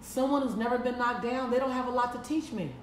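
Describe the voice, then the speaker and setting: A woman speaker delivers a live motivational talk in a fairly high voice, repeating her lines with preacherly emphasis. She sounds a little far from the mic, and the room gives her voice a clear echo. A faint hum sits behind her. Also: quick pace. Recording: echoey room, mic at a distance.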